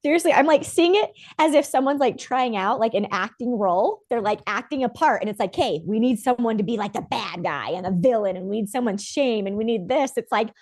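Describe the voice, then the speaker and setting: A woman's voice: a little high, expressive, brisk, few pauses, a little mellow. A woman hosting a casual podcast chat, enthusiastic and agreeable, asking her guest questions.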